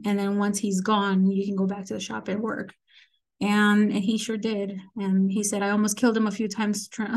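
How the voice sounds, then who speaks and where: A woman in her forties talks as a guest in a relaxed interview. She tells her stories casually and slips into quick acted voices when she quotes people. Her pitch sits in the middle of the range.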